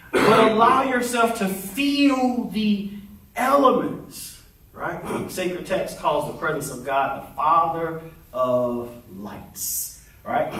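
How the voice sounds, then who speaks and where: A man's voice: fairly high pitch, fairly bright tone, distant mic. A man minister giving a talkative, playful sermon, leading the congregation in call-and-response. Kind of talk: conversational sermon. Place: church sanctuary. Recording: echoey sanctuary, voice heard from afar.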